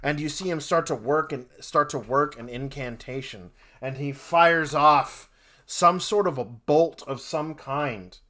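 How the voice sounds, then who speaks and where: Bright-voiced rambling male game master. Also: a little high, a little slow. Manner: rambling, heavy with fillers. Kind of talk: narrating a tabletop game.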